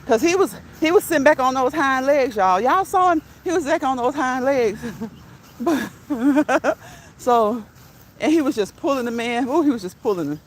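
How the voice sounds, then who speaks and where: Chatty laughing woman, fairly high voice. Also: expressive, normal speed, a little hiss or hum. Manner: chatty, laughs often, reads chat aloud. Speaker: live-stream host. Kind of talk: casual live-stream chat while walking. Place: outdoors on a neighborhood walk.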